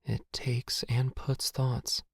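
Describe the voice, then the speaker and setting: A strange, listless young man lurks in a pitch-dark cave, as a male storyteller puts him on. The voice is a breathy, faint whisper pitched above the reader's own, dropping slow, childlike fragments. The sound is close and dry. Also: expressive, no echo.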